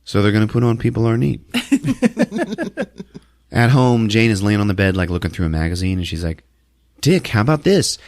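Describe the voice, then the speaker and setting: Low-voiced man, animated comic storyteller. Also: moderate pace, long pauses, dry recording, studio quality. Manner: animated storytelling, laughing often. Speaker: podcast host. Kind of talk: comedic movie recap.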